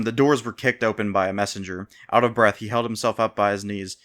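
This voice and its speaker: A man narrating a fantasy story in a steady, plain reading voice. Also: lowish voice, brisk.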